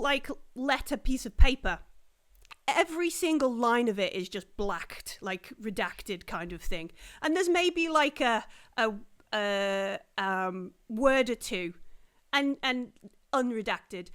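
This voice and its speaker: A woman narrating a tabletop game as game master, in a fairly high voice. She rambles, restarts and fills gaps as she sets each scene. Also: fairly bright tone, clear, resonant tone. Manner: rambling, many fillers and restarts, acts out characters.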